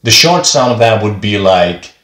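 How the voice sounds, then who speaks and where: A man's voice: fairly low pitch, animated, moderate pace, a bit bright. A man teaching a beginner pronunciation lesson, speaking patiently and repeating each example word twice. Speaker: language teacher. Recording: echoey room.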